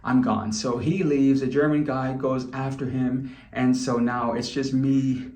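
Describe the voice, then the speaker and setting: A man talks straight to camera in a candid, chatty way, telling a long personal story with loose restarts. His voice sits at an ordinary middle pitch, and the room rings around him with a noticeable echo. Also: little pitch movement, measured pace, a little mellow. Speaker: vlogger. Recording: roomy echo.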